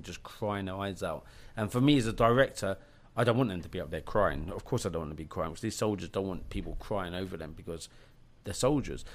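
A man talks about his documentary at a fast clip with a lowish voice. He is emphatic and profane, often restarting his sentences mid-thought. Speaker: documentary director guest. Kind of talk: animated podcast storytelling.

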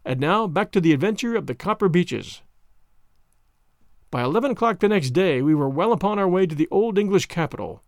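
A man narrating a classic story in a measured, expressive reading. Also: high-pitched, dry recording, studio quality. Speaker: narrator of an audiobook.

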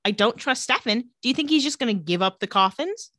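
A woman's voice: a little high, expressive, fairly quick, bright, forceful tone, no room sound. Dry-voiced woman recapping a show. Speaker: podcast co-host recapping a TV episode. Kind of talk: casual chat.

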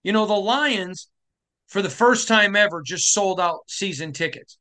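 Fired-up man with a bright voice. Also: high voice, unhurried. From Michigan. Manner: passionate, emphatic, rising to shouting. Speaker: podcast host. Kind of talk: sports commentary monologue.

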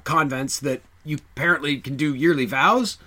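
A man co-hosting a casual movie podcast, joking and breaking into loud exclamations. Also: fairly high pitch, normal speed. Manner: animated, jokey, bursts into loud exclamations. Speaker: podcast co-host.

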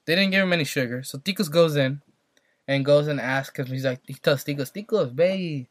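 A young podcast co-host from Santa Maria, California, speaks with a bright, higher-pitched voice, fairly even intonation, and a fairly quick pace. The recording is studio quality with no echo as he rambles through a story in casual chat, full of fillers and repeats.

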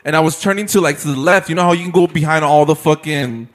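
A man's voice: fairly high pitch, fast talker, a bit bright. A young man telling a rambling story in casual chat with friends, full of swearing, fillers and laughter.

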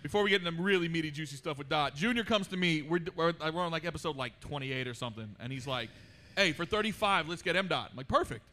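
A man's voice: on the high side, expressive, quick pace, pushed and bright. A man co-hosting a live podcast on a comedy club stage, telling rambling stories and swearing freely. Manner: rambling storyteller, swears a lot. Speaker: podcast co-host.

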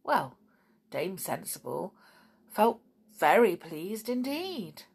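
A woman reading a children's story aloud in an expressive, unhurried way. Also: on the low side, gravelly, breathy edge.

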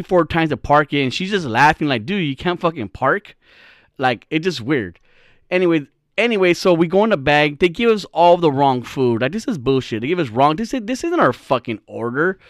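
A man's voice: on the high side, no room sound, clean studio sound. A young man hosting a podcast, telling a rambling, profane, jokey story in casual comedic style. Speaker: podcast host.

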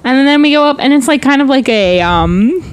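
A young woman co-hosting a casual chat, telling animated stories, swearing freely and acting out what people said. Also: high-pitched, a little fast, clear, resonant tone, dry recording. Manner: animated storyteller, swears freely, acts out quotes.

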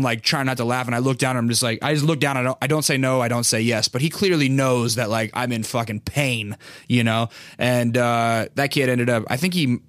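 A man's voice: mid-range voice, fairly bright tone, no echo, clean studio sound. Casual, profane man telling a story. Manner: profane, rambling, lots of fillers. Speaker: podcast host.

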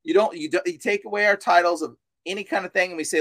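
A man's voice: high-pitched, fairly even intonation, fast talker, hardly any pauses, a bit bright, dry recording. A man talking as an exorcist guest on a podcast, fervent and insistent, repeating himself and mixing in casual slang. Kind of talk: preachy podcast talk.

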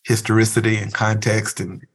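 A pastor speaks in a low, slightly husky voice, earnest and reflective as he talks through his thoughts. His tone is conversational, and now and then he leans into animated asides. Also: normal speed. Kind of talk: conversational interview.

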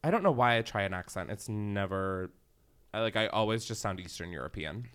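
A woman co-hosting a casual chat, loud and animated, swearing often and bursting into laughter. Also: very deep voice, a little fast, clean tone. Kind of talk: casual chat, tasting celebrity liquor.

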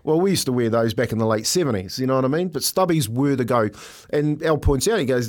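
A man's voice: mid-range voice, animated, quick pace. An older man co-hosting a casual radio chat, telling stories and laughing often. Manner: chatty storyteller, laughs often. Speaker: co-host.

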